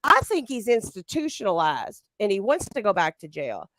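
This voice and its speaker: A woman's voice: mid-range voice, very animated, normal speed, fairly bright tone, no room sound. A woman co-hosting a casual livestream chat, reacting eagerly and laughing often. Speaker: co-host.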